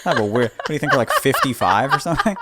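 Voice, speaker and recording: A man co-hosting a podcast in casual, rambling banter, playful and quick to laugh. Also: mid-range voice, huge pitch swings, heavy background noise. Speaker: podcast co-host.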